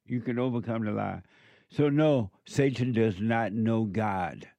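A man's voice: fairly low pitch, a little slow, vocal fry, dark tone, no echo, muffled recording. A man preaching a sermon, emphatic and repetitive as he addresses a live audience.

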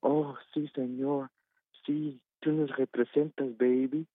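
A man on a phone call mimicking his doting mother-in-law in a soft, cooing, breathy voice. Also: mid-range voice, level tone, a little slow, no room sound, pitched above the performer's own voice. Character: gushing mother-in-law, middle-aged woman, doting. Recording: tinny phone line.

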